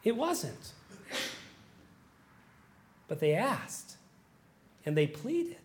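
A middle-aged man preaching a sermon as pastor, moving from quiet musing to loud, impassioned pleading as he acts out prayers. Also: sits high, big pitch swings, very slow.

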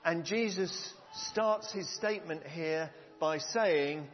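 A man's voice: a little high, slow, hardly any pauses. A man preaching a sermon to a congregation, earnest and conversational, asking the room questions. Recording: long hall reverb, dull lo-fi sound.

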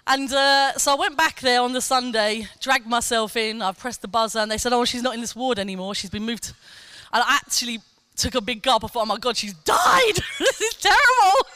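A woman preaching a sermon, telling a personal testimony in an animated way and acting out quoted lines. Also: on the high side, brisk, clear, resonant tone, no echo. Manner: animated storytelling, acts out quotes, laughs often.

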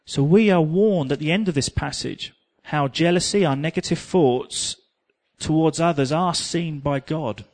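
Speaking a little slowly in a fairly high voice, a man from England tells a personal story as part of his sermon. He pokes fun at himself and breaks into bits of song along the way.

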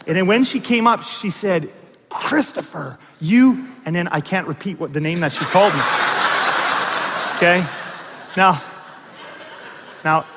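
A man's voice: sits high, in a large hall, background noise. A man preaching a sermon as pastor, telling stories with asides and questions to the congregation. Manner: animated storytelling with asides and audience questions.

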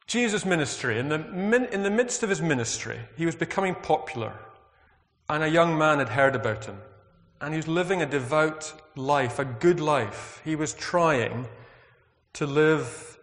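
A man's voice: fairly high pitch, lively intonation, moderate pace, a bit bright. A man preaching a sermon, earnest and reflective, asking the congregation questions. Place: church. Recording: long hall reverb.

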